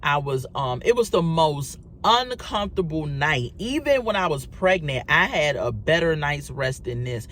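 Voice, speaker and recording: A woman's voice: low-pitched, big pitch swings, measured pace, hardly any pauses, fairly bright tone, a little hiss or hum. A woman recording a storytime vlog, talking casually to her viewers with lots of fillers and calling them y'all. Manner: chatty, addresses viewers as y'all, many fillers. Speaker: vlogger.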